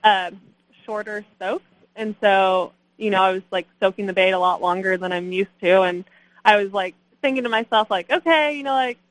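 A young woman, a guest angler on a radio show, casually tells her catch story, laughing and saying "like" and "you know" a lot. Her mid-range voice is fairly even in intonation at a normal speed, and the recording quality is low.

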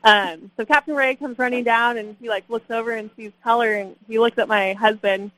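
A woman's voice: on the high side, steady tone, a little fast, fairly bright tone, no room sound, low-quality recording. A young woman, a guest angler, telling her catch story in a casual, laughing way, full of "like" and "you know". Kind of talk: casual storytelling on a radio show.

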